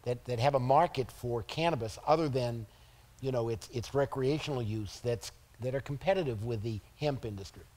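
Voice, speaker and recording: A man's voice: medium pitch, normal speed, darkish tone. A man moderating a forum panel, putting questions and calling on the audience. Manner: brief, informal interjections.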